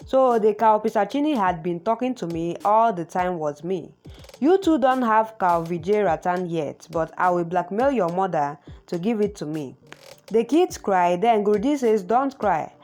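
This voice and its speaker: A woman narrating a TV series plot recap, reading out the characters' lines in a lively, sing-song way. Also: medium pitch.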